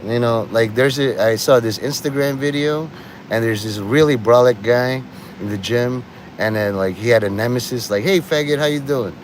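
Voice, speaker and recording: A man rambles through a loose, profane livestream monologue and keeps laughing at his own jokes. His voice sits at an ordinary middle pitch. Faint traffic hums behind him outdoors. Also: normal speed. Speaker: livestream host.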